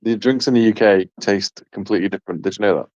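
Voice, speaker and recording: Laid-back British man, low voice. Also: fast, no room sound, lo-fi sound. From United Kingdom. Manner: laughs often, relaxed and chatty. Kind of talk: casual chat on a live stream.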